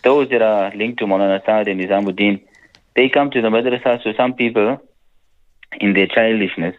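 A man's voice: lowish voice, fairly even intonation, fairly quick. A man, an Islamic scholar answering listener questions on a radio call-in, talking emphatically and repeating his points. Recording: dull radio broadcast sound.

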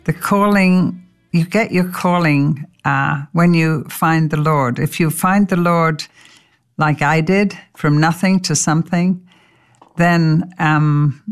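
A woman's voice: low-pitched, takes it slowly. An older woman preaching a sermon, telling stories animatedly and acting out quotes. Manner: animated storytelling with acted quotes. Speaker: Christian speaker. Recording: long hall reverb with faint music.

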